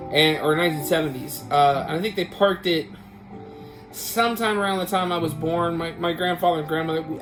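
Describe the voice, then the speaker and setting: A man's voice: on the high side, poor audio. A man hosting a casual vlog, telling a family story in a rambling way with many restarts. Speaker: vlog host. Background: guitar music.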